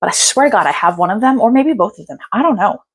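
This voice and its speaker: A woman's voice: mid-range voice, animated, fast, slight background noise. A young woman with a twang talks her way through a stack of new books. She is tired and a bit out of breath, yet she stays chatty and bubbly, gushing over every pretty cover. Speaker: book vlogger. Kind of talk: casual book haul chat.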